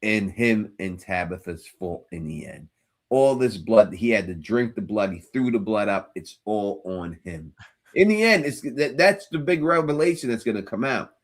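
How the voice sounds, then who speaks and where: A man's voice: on the low side, animated, moderate pace. Earnest man theorizing about a show. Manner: earnest, theorizing, repeats words while thinking. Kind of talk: casual TV recap chat.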